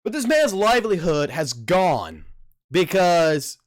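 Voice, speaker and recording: A man in his thirties giving casual stream commentary as a livestreamer, ranting in an animated, profane, rambling way. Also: high-pitched, takes it slowly, no echo, studio quality. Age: 30s.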